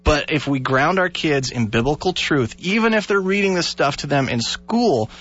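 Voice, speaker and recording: A male radio host with a voice a touch higher than most men's, leading a Christian call-in show. He speaks earnestly and tells his stories with animation. The sound is dull and lo-fi, like an old broadcast recording. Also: normal speed, slightly rough. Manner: earnest, animated storytelling with laughs.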